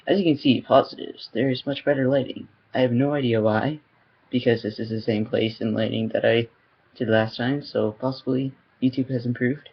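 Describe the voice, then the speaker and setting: Man, casual home vlog, headset mic, flat even delivery, hesitant with ums, slightly muffled lo-fi recording. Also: medium pitch, normal speed, a little hiss or hum. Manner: rambling, hesitant, many ums. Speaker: vlogger. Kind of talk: casual video diary update. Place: room at home. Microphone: headset microphone. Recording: slightly dull lo-fi sound.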